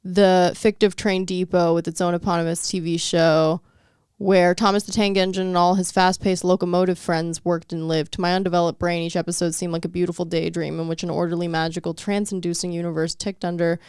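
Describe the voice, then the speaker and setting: A woman's voice: lowish voice, flat delivery, fairly quick, a little mellow, smooth, dry recording. A woman hosting a podcast in casual, profane, wry chat, reading articles aloud into a close mic. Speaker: podcast host.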